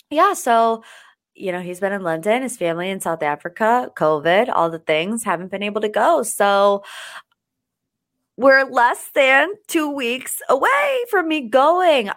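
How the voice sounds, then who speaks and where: A young woman hosting a pop culture podcast in a chatty, animated, self-deprecating way. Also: medium pitch. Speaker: podcast host. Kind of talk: casual pop culture chat.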